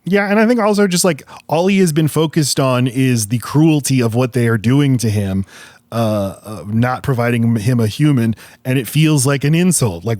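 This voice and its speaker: A man co-hosting a podcast, explaining his views in a steady, thoughtful way. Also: mid-range voice, normal speed, no room sound. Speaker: podcast co-host. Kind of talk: casual chat.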